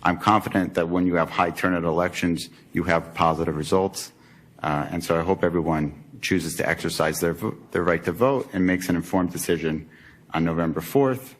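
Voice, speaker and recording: A man's voice: sits low, fairly even intonation, normal speed. A man, a council member, giving earnest remarks at a borough council meeting, with frequent fillers and restarts. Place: council chamber.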